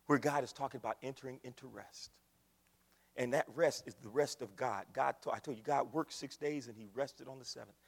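A man preaching a sermon to his church, swinging between loud, shouted exclamations and hushed, whispered appeals. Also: medium pitch, a little fast, vocal fry, slightly rough. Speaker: pastor. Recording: long hall reverb.

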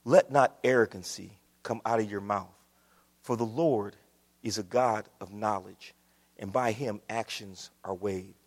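A man preaching a sermon to his church, swinging from quiet, low passages up to loud, shouted ones. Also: a little slow. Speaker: pastor. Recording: long hall reverb.

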